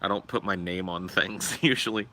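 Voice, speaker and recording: A man's voice: low voice, normal speed, sharp tone. A young man hosting a livestream, chatting casually in a crude, profane and joking way. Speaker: livestream host.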